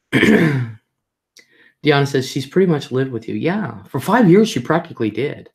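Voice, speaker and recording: A woman's voice: very deep voice, sing-song, a little slow, vocal fry. A middle-aged woman hosting a casual live stream, reading viewer comments aloud and telling family stories in a chatty way, repeating herself for emphasis. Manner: mimics voices when retelling family moments. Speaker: livestream host.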